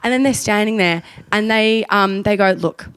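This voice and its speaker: A woman's voice: medium pitch, normal speed, clear, resonant tone. An Australian woman co-hosting a podcast, telling stories in a casual chat and acting out what people said. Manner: animated storytelling, acting out quotes. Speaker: podcast co-host.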